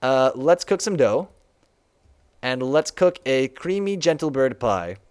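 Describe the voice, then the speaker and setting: A man's voice: mid-range voice, very animated, slow pace, a little mellow, clear, resonant tone. A young man casually walking through his own game on a live stream, chatty and laughing often.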